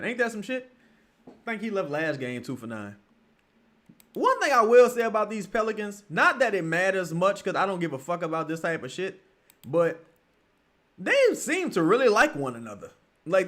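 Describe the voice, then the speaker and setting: A man giving live, profane watch-along commentary on a basketball game, breaking into yells at the referees. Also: sits high. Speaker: sports streamer.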